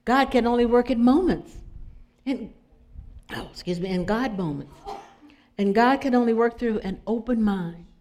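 Her voice a little high and her pace moderate, a middle-aged woman preaches inspirationally with long pauses. This spiritual speaker keeps a conversational tone, asking the listeners questions and offering soft, prayerful asides.

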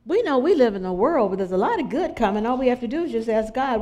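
A woman preaching an informal sermon, telling stories in a conversational, animated way. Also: on the high side, fast.

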